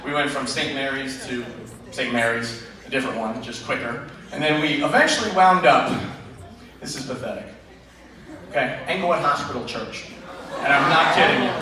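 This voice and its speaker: A man in his forties, a chemistry teacher, does a self-deprecating stand-up routine full of rambling asides on a school auditorium stage before a live audience. His voice is medium-pitched at normal speed, taped from far off in the echoey hall amid a laughing crowd and loud room noise.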